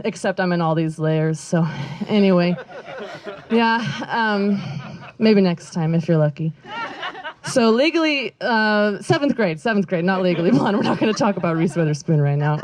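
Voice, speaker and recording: A woman's voice: medium pitch, expressive, normal speed, darkish tone. Rambling, giggly woman comic. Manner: rambling, self-interrupting, giggly delivery. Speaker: stand-up comedian. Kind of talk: stand-up storytelling. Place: outdoor backyard show.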